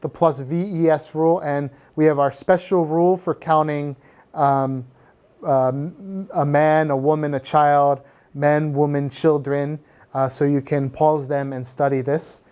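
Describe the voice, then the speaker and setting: A man's voice: a little high, steady tone, unhurried, a little mellow, clear, resonant tone. A man reviewing English grammar for a class, patiently explaining rules with many fillers and switching into Korean. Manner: frequent filler sounds. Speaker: English teacher.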